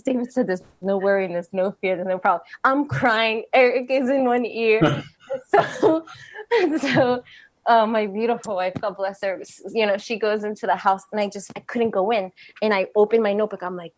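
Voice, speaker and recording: A woman speaks over a video call to a retreat group, telling a personal story at a middle pitch. Her delivery is animated: she laughs readily, then drops into quiet, hushed stretches. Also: moderate pace. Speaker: retreat participant sharing a question. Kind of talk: emotional personal sharing.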